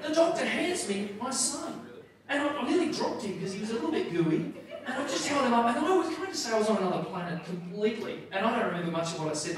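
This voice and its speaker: A man performing a stand-up comedy routine as MC at a corporate gala dinner, telling a story with animated, self-deprecating asides. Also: sits high. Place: large function room at a gala dinner. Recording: echoey hall, distant mic, audience laughter.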